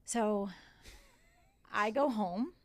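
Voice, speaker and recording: Speaking very slowly in a mid-range voice, a woman in her forties guests on a podcast. She retells what happened to her with animation, quoting people and swearing in casual conversation.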